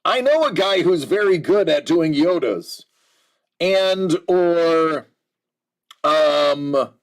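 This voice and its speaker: An American man hosting a casual livestream, joking with his chat and calling viewers by name. His voice sits high and swings widely in pitch, while he talks at an unhurried pace. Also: animated. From United States. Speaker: livestream host.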